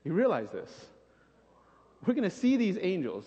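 High-voiced male preacher in a reverberant church. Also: moderate pace. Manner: animated, acts out scenes, repeats phrases for emphasis. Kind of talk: sermon. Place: church sanctuary. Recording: dull recording with long church reverb.

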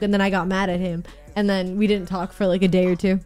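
A young woman chatting on a live stream, telling stories in an animated, chatty way with frequent "like". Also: medium pitch, rapid-fire, clean tone, faint music behind. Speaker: streamer co-host. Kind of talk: casual live-stream chat.

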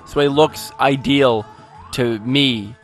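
A man's voice: medium pitch, steady tone, slow, soft background music. A man playing a video game and narrating it in a rambling, goofy, self-mocking way, with sudden outbursts. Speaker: let's play gamer. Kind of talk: game commentary.

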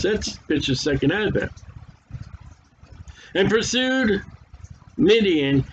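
A man's voice: high voice, a little hiss or hum. A man preaching a sermon and reading scripture aloud, talking casually and stumbling over hard names, his voice worn. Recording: dull lo-fi recording.

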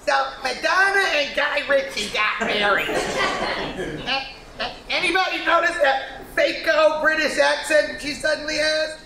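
A woman playing a brash office clerk and former stand-up comic, loud and jokey, in a staged reading of a TV script. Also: high voice, measured pace. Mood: showboating. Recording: echoey room, mic far, audience noise.

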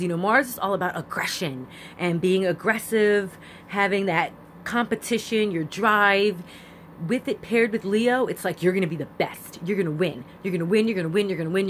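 A woman's voice: on the low side, slight background noise. A woman giving a chatty, repetitive spiritual astrology talk with emphatic phrasing. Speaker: astrology vlogger. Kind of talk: casual spiritual monologue.

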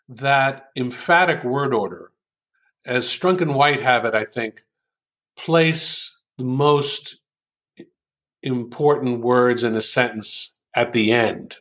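A man's voice: medium pitch, slow, long pauses, fairly bright tone. An older American man, an author and writing coach, talking through examples in a conversational interview, thoughtful and hesitant with frequent ums, lingering over quoted lines.

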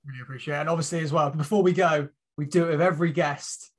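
A man's voice: on the high side, fairly even intonation, fast. A British man hosting a podcast, friendly and a little hesitant, often restarting his sentences. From United Kingdom. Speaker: podcast host. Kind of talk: casual podcast chat.

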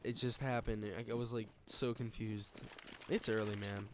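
A man's voice: on the low side, flat delivery, moderate pace, background noise. A young man giving casual, rambling commentary while he plays a game, swearing often and laughing at himself. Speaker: gamer commentator. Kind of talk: casual live gameplay commentary. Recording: loud gunfire from the game under the voice.

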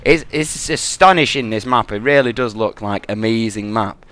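A young man giving excitable, boastful, rambling off-the-cuff commentary over his gameplay. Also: lowish voice, normal speed, dry recording. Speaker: gaming commentator.

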